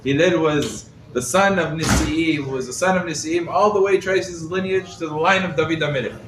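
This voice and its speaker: A man, a rabbi, giving a lively Torah class to a live group, quizzing his listeners and using Hebrew terms, recorded from across the room. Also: a little high, moderate pace. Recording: roomy echo, mic set far off, faint background noise.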